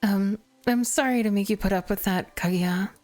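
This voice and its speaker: A woman streamer reading a visual novel aloud, narrating in first person with expressive, self-mocking asides. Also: medium pitch, moderate pace, soft background music.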